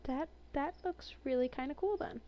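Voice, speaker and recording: A chatty woman with a fairly high voice gives casual commentary on a game collection. She sounds amused and reads entries aloud, with her own remarks in between. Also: normal speed, lo-fi sound. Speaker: game reviewer. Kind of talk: casual commentary while browsing.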